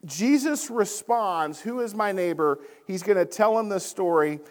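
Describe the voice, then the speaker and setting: High-voiced man teaching a Bible class. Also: long reverb tail. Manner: conversational, often checks in with the class. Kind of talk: church lesson.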